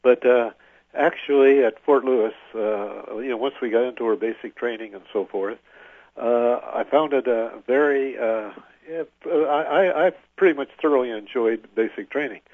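An older man, a veteran, recalling his service in an oral history interview, halting with many filler pauses. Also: medium pitch, dry recording. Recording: tinny phone-like line, dry.

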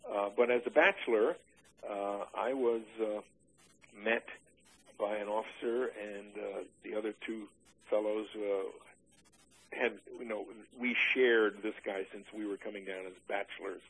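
An older man in an oral history interview, recalling his army days with dry humor and many halting "uh" restarts. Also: fairly low pitch, fairly even intonation, breathy edge, poor audio.

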